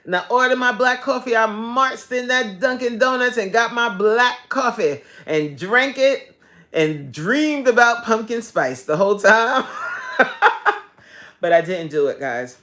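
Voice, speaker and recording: A woman fitness coach chatting casually on a live stream, animated and loud, laughing often and swearing freely. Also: a little high, a little slow.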